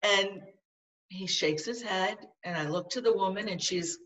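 A woman's voice: mid-range voice, unhurried, fairly bright tone, distant mic, poor audio. A woman guest in an interview, telling a personal story in an earnest, vivid way. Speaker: podcast guest.

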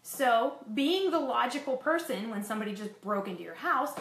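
A woman's voice: fairly high pitch, expressive, fairly quick, vocal fry, hardly any pauses, a bit bright, roomy sound, a little hiss or hum. A woman frankly recounting a frightening personal experience to her viewers, with self-deprecating asides. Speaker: fitness vlogger sharing a personal story. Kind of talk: candid personal storytelling.

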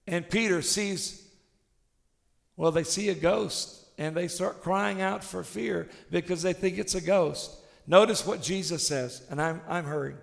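A male pastor preaching a sermon with passion, swinging between shouted declarations and hushed, intimate tones. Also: high voice, measured pace, vocal fry, long reverb tail.

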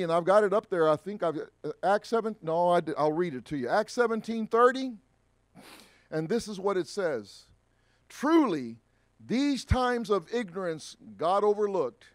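A man preaching a sermon, swinging from emphatic rises to quiet asides. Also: a little high, dry recording. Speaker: pastor. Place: church sanctuary.

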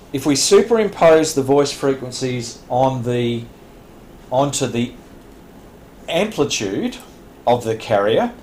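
A man's voice: mid-range voice, a little mellow. A man teaching a radio licence class, explaining plainly with frequent restarts and small laughs. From Australia. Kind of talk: classroom lecture. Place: training room. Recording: echoey room, faint background hiss.

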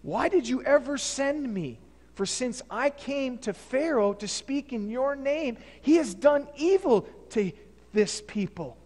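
Guy putting on fretful moses in a sermon, pitched up high, pleading and pushy, church echo. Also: animated, slow pace, darkish tone, full character voice. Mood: accusing. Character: a worn-down male leader Moses pleading.

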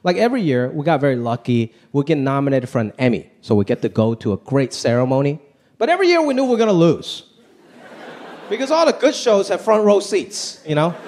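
Slightly high in pitch, very animated, and a touch fast, a man performs a stand-up set for a live theater audience. His talk is conversational with punchy delivery and exaggerated impressions, and the loud crowd's laughter and applause are audible throughout this live stage recording.

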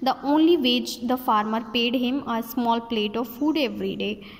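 A woman teacher reads a story aloud to her class. Her reading is slow, with small slips and restarts. Her voice is slightly high and carries a long hall reverb.

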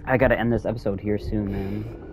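A young man giving let's-play commentary, swinging between low mumbles and sudden high yelps. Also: brisk, background noise. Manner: animated, swings from mumbling to yelping. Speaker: gaming YouTuber. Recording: faint game music behind.

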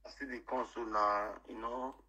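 A man's voice: mid-range voice, steady tone, normal speed, bright, forceful tone, husky. A man asking blunt questions in a played clip.

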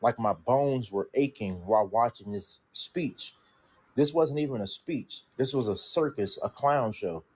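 Husky-voiced man, indignant rant. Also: mid-range voice, unhurried, a little mellow. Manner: indignant, rising to exasperated outbursts. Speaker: commentator. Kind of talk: casual opinion clip.

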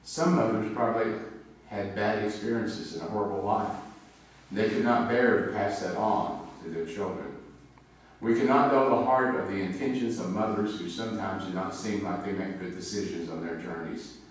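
A man's voice: on the low side, moderate pace. A male pastor preaching a sermon in a conversational, storytelling way, sharing personal anecdotes. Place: church sanctuary. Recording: very echoey hall, mic far off, faint noise.

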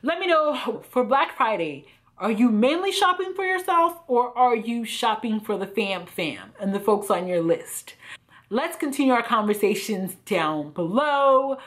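A woman vlogging a casual clothing try-on haul, chatty and full of fillers, her voice a little hoarse and croaky. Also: a little high, expressive, unhurried, fairly bright tone. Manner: chatty, lots of fillers like "you know" and "like". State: slightly hoarse, croaky throat. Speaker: fashion vlogger.

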